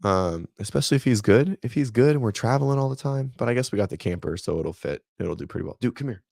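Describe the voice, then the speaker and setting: A man's voice: mid-range voice, expressive, quick pace, gravelly, darkish tone, no echo, clean studio sound. A man in his thirties, a fitness coach and host, chatting casually on a livestream in a rambling, laid-back way and talking to viewers by name.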